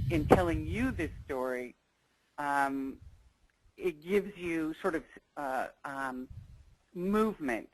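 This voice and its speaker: A woman's voice: deep voice, dry recording, low-quality recording. A woman presenting a negotiation skills webinar, talking in a conversational, earnest way and weaving in personal stories. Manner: conversational and earnest, thinking aloud.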